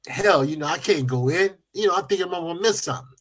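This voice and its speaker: A man telling stories as a guest in a casual chat, excitable and drawn out. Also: high voice, fast talker.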